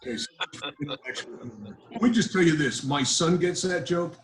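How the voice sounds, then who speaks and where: An older man, a grandfather, doing a stand-up set over a video call in a dry, deadpan storytelling manner. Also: on the high side, a little fast, rough recording. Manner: deadpan storyteller with self-deprecating asides. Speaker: comedian.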